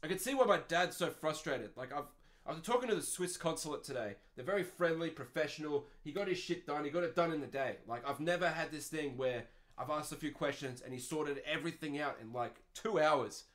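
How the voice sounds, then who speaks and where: A man's voice: a little high, a little fast, fairly bright tone. Profane Australian man in his twenties ranting. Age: 20s. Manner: profane, exasperated, sarcastic. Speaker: podcast host. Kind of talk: ranting podcast monologue.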